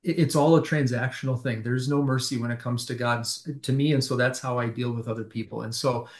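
Pastor guy thinking out loud, lots of restarts, average pitch. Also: fairly even intonation. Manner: thoughtful, halting with frequent restarts. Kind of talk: discussion of a Bible parable.

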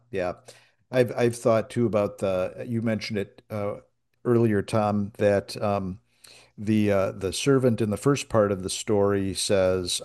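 Male moderator, lowish pitch, mellow tone, relaxed and loose. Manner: relaxed, with many fillers. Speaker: discussion moderator. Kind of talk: discussion of a Bible parable.

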